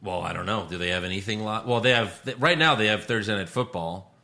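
A man with a low, bright, forward voice co-hosts a casual podcast. He reads news items and chats at a relaxed pace. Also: quick pace. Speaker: podcast co-host. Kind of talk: casual chat.

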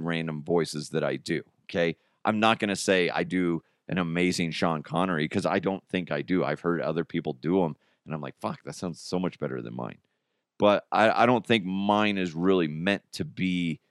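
A man's voice: low-pitched, moderate pace, clean tone, dry recording, clean studio sound. A man hosting a podcast in casual, rambling chat, mocking himself and laughing often. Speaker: podcast host.

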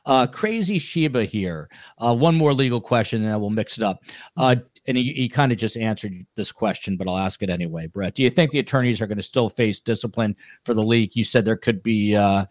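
A man with a New Jersey accent hosts a casual podcast panel, loose and a little jokey, leaning on fillers between questions. His voice is low. It is recorded close and dry. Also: brisk, no room sound. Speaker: podcast host.

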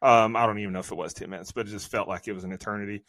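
A man's voice: lowish voice, fairly even intonation, rapid-fire, fairly bright tone, no echo, studio quality. A man co-hosting a casual movie review podcast, venting in a profane, exasperated rant. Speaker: podcast co-host.

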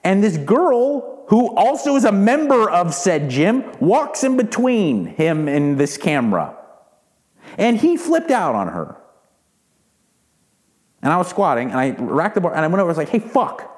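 Male podcast host in his forties, heated profane rant with a lively, swinging delivery. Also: high voice, measured pace. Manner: heated, profane, repeats words when worked up. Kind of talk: ranting monologue.

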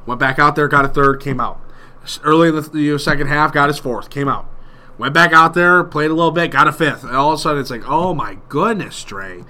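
A man's voice: a little high, fairly even intonation, quick pace, bright, forceful tone. A man co-hosting a sports podcast, joking around and rambling through his points. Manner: jokey, rambling. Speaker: podcast co-host. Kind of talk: casual sports chat.

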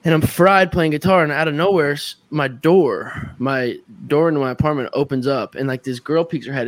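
A young man in his twenties, a guest musician on a podcast, telling an anecdote in a casual, animated way and acting out his own reactions. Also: a little high, a little fast, no room sound. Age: 20s. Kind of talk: casual chat, storytelling.

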